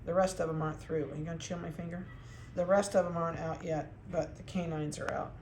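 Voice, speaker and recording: A woman's voice: sits low, steady tone, quick pace, a little mellow, roomy sound, a little hiss or hum. A woman dog breeder talking casually through a video update, chatty and cooing to the puppies.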